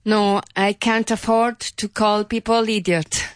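A woman's voice: medium pitch, fairly even intonation, slow pace, no echo. Careful woman learner answering drills, dry sound. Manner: careful, answers in full practice sentences. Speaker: English learner.

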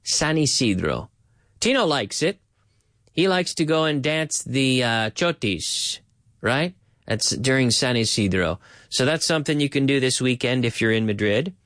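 A man hosting a bilingual English lesson for Spanish speakers, repeating phrases slowly for learners and mixing in Spanish words. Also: mid-range voice, animated, fairly bright tone, no room sound, studio quality. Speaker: language teacher and podcast host.

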